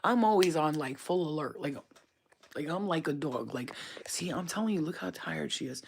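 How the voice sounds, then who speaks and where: A woman talking loosely on a live stream from her house late at night, her speech thick with slang and profanity. She switches easily between storytelling and soft, cooing baby talk aimed at her dog. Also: low voice, animated, a little fast, vocal fry, slightly rough. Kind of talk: casual live-stream chat. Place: at home at night.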